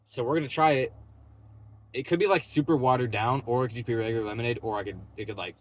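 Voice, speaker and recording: A man's voice: mid-range voice, quick pace, a little hiss or hum. A young man vlogging from his parked car in a parking lot, chatting loosely and casually, full of "bro" and "like". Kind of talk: casual rambling vlog chat.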